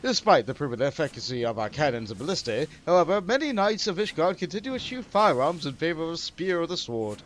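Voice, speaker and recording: A man's voice: a little high, big pitch swings, fast talker, hardly any pauses, slight background noise. A man voicing a formal, courtly male mentor, reading game dialogue aloud in an old-fashioned way.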